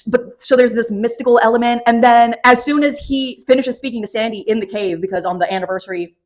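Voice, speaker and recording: A woman's voice: on the high side, quick pace. Sarcastic, swearing woman reviewing a book. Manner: profane, animated, sarcastic recapping. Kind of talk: casual spoken book review.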